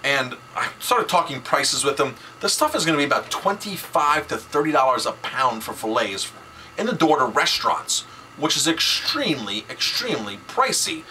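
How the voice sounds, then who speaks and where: Emphatic chef with a bright voice. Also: male voice, mid-range voice, slight background noise, poor audio. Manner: emphatic, repeats words for stress. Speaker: chef and food advocate. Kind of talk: casual video blog talk.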